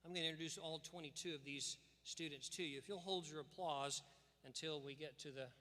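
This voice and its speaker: A man's voice: fairly high pitch, steady tone, fairly quick, bright, forceful tone. A man giving an earnest, emphatic commencement address with scripture readings, in a preacherly cadence. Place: large church sanctuary. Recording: long reverb of a big church hall.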